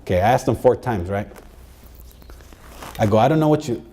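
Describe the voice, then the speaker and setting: 男声，语调起伏丰富的讲述者. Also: male voice, mid-range voice, moderate pace, a little hiss or hum. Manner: animated storyteller, mixes Spanish phrases. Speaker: speaker addressing college staff. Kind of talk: storytelling keynote talk.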